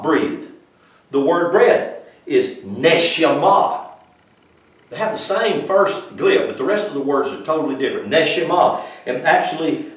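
A man preaching an informal sermon, moving between loud emphatic passages and quiet explanation, with folksy grammar. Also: medium pitch. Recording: echoey room, mic far off.

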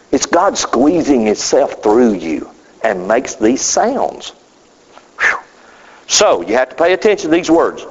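A man preaching a sermon, emphatic and drawn out, with sudden rises and falls in his voice. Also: a little hiss or hum. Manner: emphatic, drawn-out phrasing with sudden pitch swings. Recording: dull sound with long hall reverb.

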